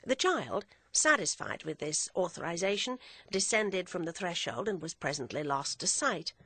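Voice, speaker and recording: A woman narrating a classic novel in a measured, expressive reading voice. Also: lowish voice, breathy edge, no room sound. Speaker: audiobook narrator. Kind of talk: scripted narration.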